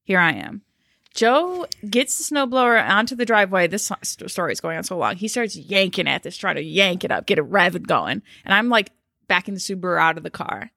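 A young woman from Ohio co-hosting a podcast, telling an animated story with plenty of swearing and laughter. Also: medium pitch, a little fast, creaky, no room sound, clean studio sound. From Ohio, USA. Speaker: podcast co-host. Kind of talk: casual storytelling chat.

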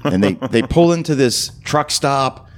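A man co-hosting a podcast, chatting casually about a film and slipping into quick character voices as he retells scenes. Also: mid-range voice, expressive. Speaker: podcast co-host. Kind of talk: casual movie review chat.

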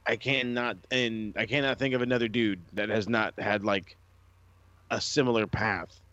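A man's voice: fairly low pitch, normal speed, no room sound, muffled recording. A man co-hosting a wrestling podcast in casual chat, ranting with lots of swearing. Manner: profane, animated ranting.

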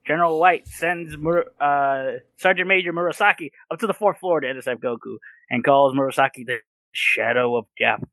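An easygoing man co-hosts a casual podcast and recaps the story plainly. His voice is bright and forceful, and it is recorded close and dry with no room sound. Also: on the high side, fairly quick, dry recording. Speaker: podcast co-host. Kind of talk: casual chat.

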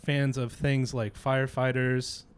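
A man's voice: mid-range voice, little pitch movement, measured pace, clean tone. A man hosting a sports fan podcast in casual, teasing chat. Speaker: podcast host.

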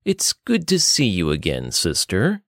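A man voicing a composed older brother who delivers grave news in a slow drawl. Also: low-pitched, huge pitch swings, dry recording, clean studio sound, exaggerated voice.

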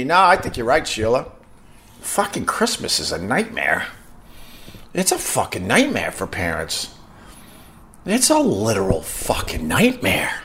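A man telling a casual, profanity-laced story to live viewers, acting out the voices of the people in it. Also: mid-range voice. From New York. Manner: animated, acts out quoted voices, swears freely. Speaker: host chatting with live viewers.

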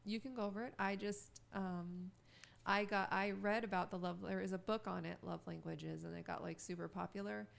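A woman co-hosting a casual podcast with her husband, chatty and giggly, with a strong vocal fry at the ends of her phrases. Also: medium pitch, steady tone. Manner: giggly, chatty, talks in quick bursts. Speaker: podcast co-host. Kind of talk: casual chat.

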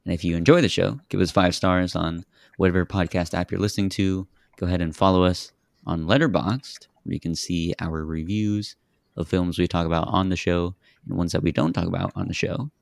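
Deep gravelly male podcast host. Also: fairly even intonation, normal speed, dry recording, studio quality. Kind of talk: casual film review chat.

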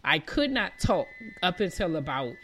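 A woman's voice: on the low side, very animated, normal speed, fairly bright tone. A woman in her thirties chats casually to her viewers from outside, wind blowing behind her. She rambles, restarting her sentences and leaning on "like". Her voice is still recovering from being lost. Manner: chatty and rambling, many likes and restarts. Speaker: vlogger. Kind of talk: casual chat to camera. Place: outdoors in the wind. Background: wind noise.

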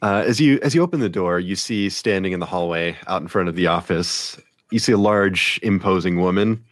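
Deep-voiced man narrating a tabletop game. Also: a little fast, dry recording. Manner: relaxed, many ums, laughs easily. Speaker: game master.

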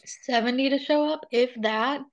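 Chatty young woman, slightly high voice. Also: moderate pace, dull audio. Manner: chatty, animated storytelling with lots of fillers. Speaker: interview guest. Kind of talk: casual chat.

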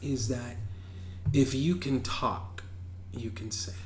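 A man's voice: medium pitch, slow pace, a little hiss or hum. A man with a tenor voice in casual chat, telling stories with plenty of swearing and bursts of laughter. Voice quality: tenor singing voice. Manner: animated storyteller, swears freely, breaks into laughter.

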